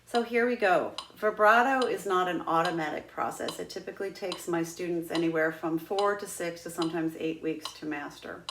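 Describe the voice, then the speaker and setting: A woman's voice: lowish voice, fairly bright tone, a little hiss or hum. Patient woman teaching flute, roomy sound. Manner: patient, demonstrative, breaks into sung "ha ha" drills. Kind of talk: instructional lesson.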